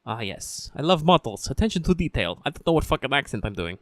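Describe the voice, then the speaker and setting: A man's voice: mid-range voice, big pitch swings, racing, a bit bright, dry recording. Guy hamming up a smug movie bad guy who botches his accent, dry close sound. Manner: fumbling a fake accent. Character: mock German movie villain man, smug.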